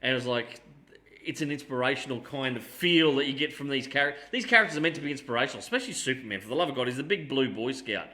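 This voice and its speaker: A man talks in a casual podcast chat, animated and blunt, swearing freely. His voice is bright and forceful. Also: medium pitch, fast. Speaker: podcast co-host.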